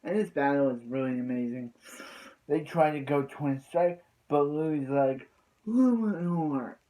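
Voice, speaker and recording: Rambling man recapping, mellow voice. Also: mid-range voice, steady tone, normal speed, rough recording. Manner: rambling, full of "so yeah" fillers. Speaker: anime episode reviewer. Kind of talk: casual spoken episode recap.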